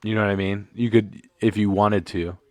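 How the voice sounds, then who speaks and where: Man, livestream host, low voice, dry close sound, joking, profane, a little tipsy. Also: flat delivery, moderate pace, a little mellow, dry recording. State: tipsy from drinks. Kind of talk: casual live sports commentary.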